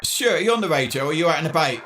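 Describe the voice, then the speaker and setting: A man's voice: on the high side, animated, very fast, fairly bright tone. English guy on his ham radio, chatty, friendly, bit of hiss behind him. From England. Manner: chatty, friendly, talks to himself between contacts. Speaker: amateur radio operator. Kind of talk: casual on-air radio chat.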